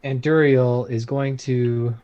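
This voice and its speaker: A man's voice: medium pitch, steady tone, slow, warm tone, lo-fi sound. A man playing a tabletop game, describing his character's moves hesitantly as he thinks aloud. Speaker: player. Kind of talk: casual tabletop game play.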